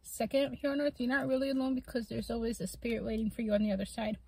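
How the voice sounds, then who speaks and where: Woman, eating-show vlogger, breathy and a bit high, chatty and meandering, mouth full of food. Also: flat delivery, quick pace, warm tone, rough recording. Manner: talks with her mouth full; musing, rambling with many fillers. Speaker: mukbang vlogger. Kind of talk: casual chat while eating.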